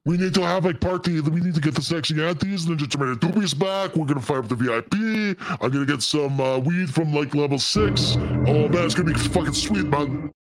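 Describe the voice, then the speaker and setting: A man giving comic narration and banter in an excitable, rambling way. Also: on the high side, brisk, slight background noise.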